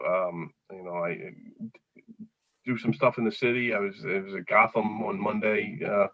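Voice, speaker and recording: A man's voice: lowish voice, fairly even intonation, normal speed, crowd noise. A middle-aged man with a Philadelphia accent, a comedian chatting as a guest and telling jokey stories that he laughs at himself. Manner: joke-telling storyteller, laughs at his own lines. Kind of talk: casual chat. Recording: dull lo-fi sound.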